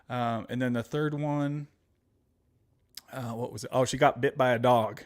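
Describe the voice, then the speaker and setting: A man's voice: mid-range voice, fairly even intonation, a little slow. A man hosting a livestream in casual chat, rambling through stories and calling his viewers guys. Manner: rambling, chatty, often addressing viewers as guys; laughs while telling stories. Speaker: livestream host.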